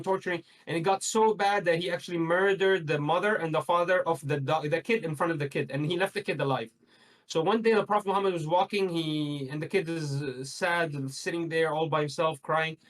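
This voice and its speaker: A man's voice: on the high side, rough recording. A man arguing insistently about religion and morality in a debate, repeating himself and rising into emphatic bursts. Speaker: guest.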